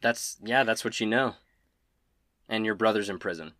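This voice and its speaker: A man narrating as game master in a relaxed, jokey storytelling way. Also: on the low side, moderate pace.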